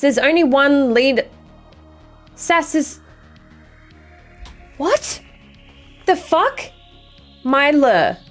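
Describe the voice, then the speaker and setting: Young woman, casual stream chat, quick apologies, swearing, higher voice, faint music in background. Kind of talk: casual chat reading viewer messages.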